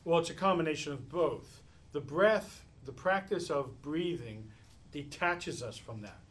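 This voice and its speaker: A man teaching meditation in a live talk, telling stories in an animated way and chuckling often while answering questions. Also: on the high side, a little slow.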